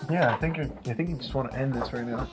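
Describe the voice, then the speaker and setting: A man co-hosting a movie review show, trading goofy, deadpan jokes in casual banter. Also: mid-range voice, fast talker, over loud music.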